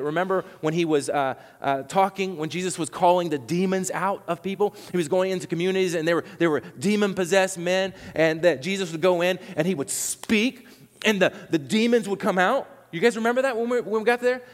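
A man preaching a sermon to his congregation, animated and conversational, acting out what people said, with many restarts. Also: sits high, long reverb tail. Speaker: pastor.

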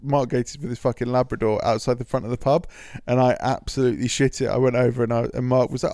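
A young man rambles through a story on a podcast, packing it with fillers and casual swearing and slipping into the voices of the people he quotes. His voice sits in a middle pitch and is recorded dry, close to the mic. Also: steady tone, fast, vocal fry, hardly any pauses, darkish tone, no echo. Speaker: podcast co-host.

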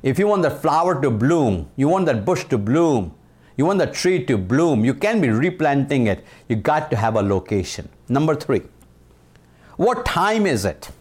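This motivational leadership talk comes from an Indian man in his sixties whose accent is Indian and whose mid-range voice has a darkish, sing-song quality. Emphatic throughout, he circles back to key phrases and slows for each punch line.

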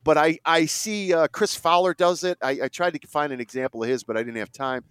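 A man's voice: a little high, steady tone, a little fast, fairly bright tone, smooth. A man hosting a sports podcast, ranting in exasperation in casual talk. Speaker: podcast host.

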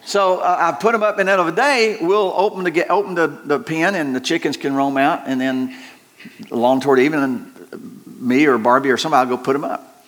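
A middle-aged man delivers a sermon in a folksy, joking way. He rambles and restarts his sentences often. His voice sits a little high for a man. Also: a little fast, a bit bright. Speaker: pastor.

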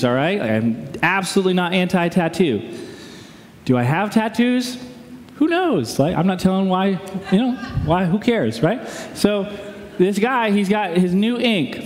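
A man preaching a sermon as pastor, conversational and joking with quick asides. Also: on the high side. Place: church sanctuary. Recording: long reverb of a large hall.

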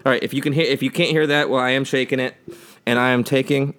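A man co-hosting a casual podcast, talking in an animated way and sputtering and coughing through burning hot sauce. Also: medium pitch, fast talker, clean tone, no echo. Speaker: podcast co-host.

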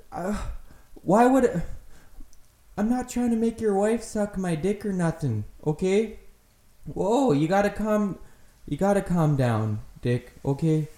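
A man's voice: a little high, mellow. A man playing a rambling, confused neighbor. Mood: pleading. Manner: folksy, rambling, placating. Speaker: podcast host. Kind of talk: improvised comedy role-play. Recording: echoey room.

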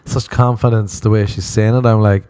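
A man's voice: on the low side, fairly even intonation, normal speed, a little mellow, smooth. A man telling rambling, crude, self-mocking stories as a podcast host, often laughing as he goes. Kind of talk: comedic storytelling monologue.

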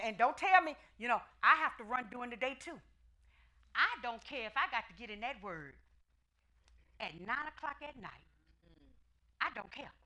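A woman's voice: mid-range voice, sharp tone. A woman pastor preaching a fervent, emphatic sermon with folksy, conversational asides to her congregation.

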